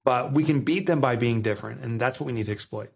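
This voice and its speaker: Man, Jersey accent, guest author on a podcast, animated storyteller, middle pitch. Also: fast talker, vocal fry, slightly rough. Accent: New Jersey. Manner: animated storytelling, acts out quotes. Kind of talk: podcast interview.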